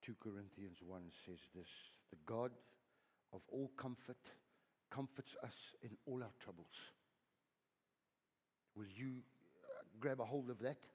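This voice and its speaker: An older man preaching a sermon as pastor, swinging from loud, high exhortation to hushed whispers and repeating his words. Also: takes it slowly, long pauses, husky. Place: church hall. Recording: long hall reverb.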